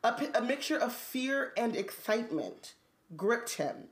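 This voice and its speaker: A woman co-hosting a casual podcast, reading a book aloud and stopping for quick asides. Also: fairly high pitch, lively intonation. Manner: reads slowly, then chats with quick asides. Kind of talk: casual book-club chat with read-aloud passages.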